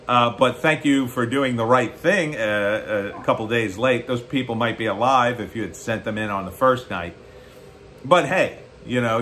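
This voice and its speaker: A man's voice: medium pitch, bright, forceful tone, a little hiss or hum. An American man giving blunt, sarcastic political commentary on his own show, often rising into mocking outbursts. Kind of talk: opinionated solo commentary.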